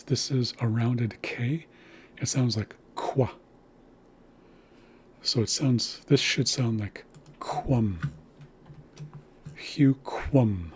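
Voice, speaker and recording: A man's voice: medium pitch, slight background noise. A man teaching a language lesson, patiently spelling out sounds and words.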